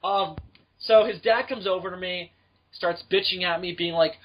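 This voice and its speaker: High-voiced young man telling a profane story. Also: moderate pace. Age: young adult. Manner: profane, animated, acts out voices in his stories. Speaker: podcast host. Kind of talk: casual storytelling chat. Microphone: home mic on a voice call. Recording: muffled lo-fi call audio.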